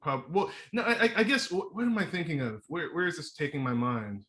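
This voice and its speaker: A man hosting a casual conversation, hesitant and searching for words, with many pauses and restarts. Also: a little high, sing-song, bright, forceful tone. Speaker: host.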